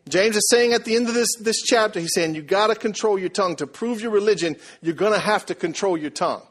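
A man preaching a sermon, telling a story and asking the congregation questions in a lively, conversational way. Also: high-pitched, quick pace. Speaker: pastor.

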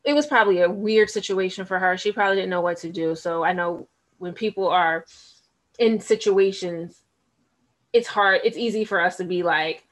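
A woman chats casually as a podcast co-host. Her voice sits a little low, and her manner is blunt and candid, with laughter mixed into her talk. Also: fairly even intonation, moderate pace, fairly bright tone. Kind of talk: casual chat.

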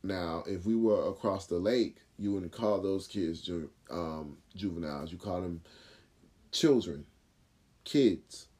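A man hosting his own talk show, casually retelling a personal run-in with lively acted quotes and fillers. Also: low-pitched, takes it slowly. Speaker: podcast host. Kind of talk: casual storytelling monologue.

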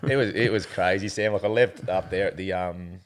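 A man's voice: sits low, steady tone, a little fast. An Australian man being interviewed, telling a long personal story in a rambling, earnest way and calling the host mate. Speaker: interview guest.

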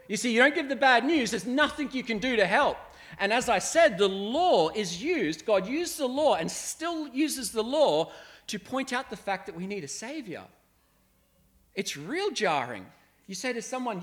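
A man, a pastor from Australia, delivers a sermon in an earnest, conversational tone. His voice sits fairly high, and he slips into little acted-out quotes to make his points. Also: big pitch swings, moderate pace, fairly bright tone.

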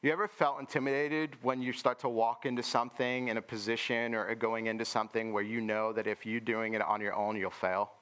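A man's voice: medium pitch, little pitch movement, brisk, few pauses, a bit bright, clean tone. Conversational male preacher. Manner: informal, asks the listeners rhetorical questions. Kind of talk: conversational sermon.

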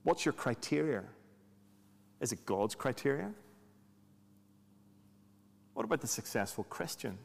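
A man preaches in a relaxed, conversational way, sprinkling in rhetorical questions and dry asides. His voice sits at a middle pitch. Long reverb from a large hall trails every phrase. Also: unhurried, gravelly, pauses often. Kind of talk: sermon.

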